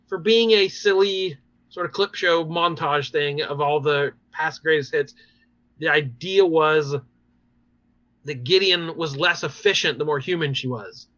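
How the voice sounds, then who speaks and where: With a bright, somewhat high and almost tense voice, this podcast host chats casually through episode recaps, rambling lively with fillers and brief laughs. The recording is dry and dull, lo-fi in quality.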